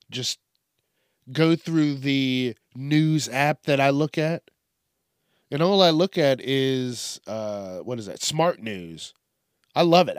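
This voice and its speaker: A man's voice: mid-range voice, clear, resonant tone, no echo, clean studio sound. A young man ranting profanely and sarcastically while hosting a casual news commentary podcast. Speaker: podcast host.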